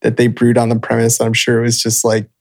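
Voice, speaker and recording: A man in a casual podcast chat, recalling a story in a relaxed, joking way. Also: mid-range voice, fairly quick, no room sound, clean studio sound.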